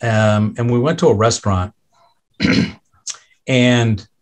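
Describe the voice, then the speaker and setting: A middle-aged man sits in as a guest and tells a story from his own life, openly and in plain words. He stops and restarts often, leans on fillers, and slips into quoted voices to act out the people in the story. His pitch sits in the ordinary middle range for a man. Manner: halting, with frequent restarts and fillers; acts out others' lines in quoted voices. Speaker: podcast guest. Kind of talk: candid conversational storytelling.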